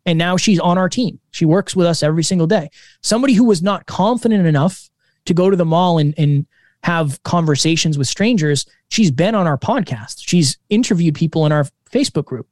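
A man in his twenties, a podcast co-host, telling stories in a casual, energetic interview. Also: on the high side, a little fast, dry recording, studio quality. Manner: energetic, animated storytelling.

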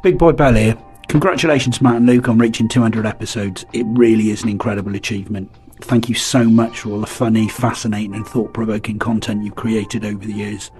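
A man's voice: fairly low pitch, steady tone, fairly quick, few pauses, a little mellow, faint music behind. A man giving a polished, gracious recorded message of congratulations.

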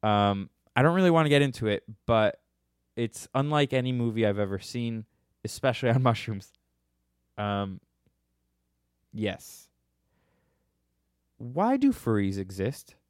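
A man's voice: mid-range voice, big pitch swings, a little slow, long pauses, smooth, dry recording. Young male podcast host, loose and joking, dry close mic. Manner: irreverent, joking, laughs at own answers. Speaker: podcast host answering listener questions. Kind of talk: casual podcast chat.

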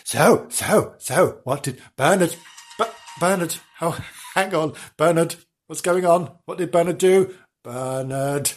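A man's voice: fairly high pitch, slow pace, faint music behind. A man reading a children's story aloud as a comedy host, breaking off for mocking asides.

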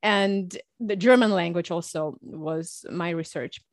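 A woman's voice: lowish voice, measured pace, no room sound. A woman who coaches public speaking, earnestly walking through her career as an interview guest. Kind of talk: interview answers.

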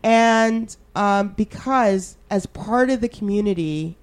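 A woman's voice: mid-range voice, takes it slowly. A young adult woman from Canada, co-hosting a podcast in casual chat, candid and emphatic with casual swearing. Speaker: podcast co-host.

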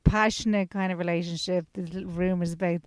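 A woman's voice: lowish voice, steady tone, fast talker, dry recording. Young woman co-host, gossipy and wry, dry close mic. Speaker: podcast co-host. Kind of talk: casual chat.

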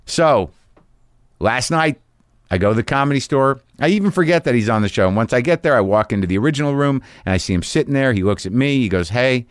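A man's voice: mid-range voice, animated, fast, dry recording, clean studio sound. A middle-aged man delivering a rambling, profane, self-deprecating monologue as a podcast host. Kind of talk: casual monologue.

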